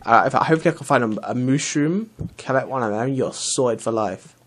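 A young man commentates his game in a loose, chatty way. His voice sits at an ordinary middle pitch, and he rambles, restarts and drops in casual swearing. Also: a little fast, a bit bright. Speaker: let's play host.

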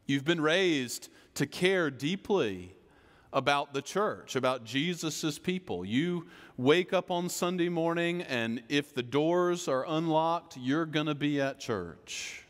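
Male pastor giving a sermon, slow and deliberate, long echoey church sound. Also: fairly high pitch, lively intonation. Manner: slow, emphatic preaching with repeated phrases. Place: church sanctuary.

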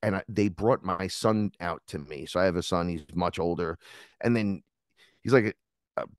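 A man with a low voice, recorded close and dry with no room sound. He chats casually as a podcast guest. His stories are lively and full of swearing, and he slips into the voices of the people in them. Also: normal speed, dry recording. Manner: animated storytelling, swears freely, acts out voices in his anecdotes. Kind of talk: casual chat.

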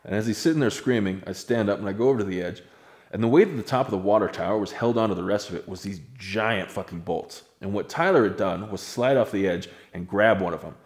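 A young man with a low voice tells a story at a quick clip. He is laid-back and casually profane, talking like he is chatting with friends. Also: a little mellow.

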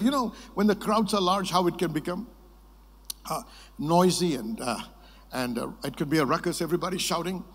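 A male preacher delivering a sermon to a conference, telling stories in a lively way and prompting the congregation to answer. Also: a little high, a little fast, husky. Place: large conference hall. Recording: long reverb of a large hall.

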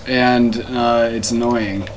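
A man's voice: medium pitch, steady tone, slow pace. A young man hosting a casual gameplay commentary, rambling and joking with many restarts. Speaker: let's play host. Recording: noisy home recording.

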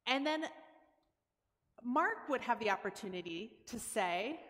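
A woman's voice: fairly high pitch, lively intonation, a little slow, long pauses, a bit bright. A woman giving a conversational church talk, explaining steps plainly and acting out everyday dialogue. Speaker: guest speaker at church. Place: church sanctuary. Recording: long church hall reverb.

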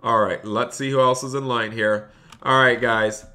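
A man's voice: mid-range voice, fairly even intonation, normal speed, noisy background. A man live-streaming a role-play game, chatting to viewers and playing a polite bank clerk.

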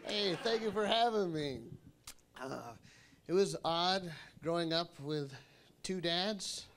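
A man performing a stand-up set, telling punchy stories and slipping into quick impressions. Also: high voice, slight background noise. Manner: punchy storytelling, animated impressions of people. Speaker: stand-up comedian.

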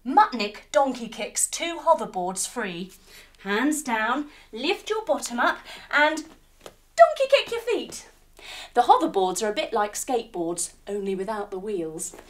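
A woman's voice: a little high, lively intonation, unhurried. A woman teaching yoga to children through a playful story, full of sound effects and guiding instructions.

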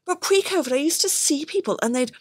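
Lively woman, middle-aged, parenting podcast host, dry close sound. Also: high-pitched, quick pace, dry recording. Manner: animated storytelling, acts out quoted voices. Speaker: podcast host, baby sleep consultant. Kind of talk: casual chat with parenting advice.

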